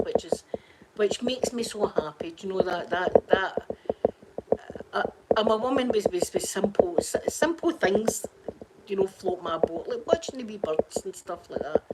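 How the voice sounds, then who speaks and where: Sitting at home by a window, a Scottish vlogger with a mid-range voice chats casually to her audience, wandering through stories and laughing a lot. Heavy background noise runs through the clip.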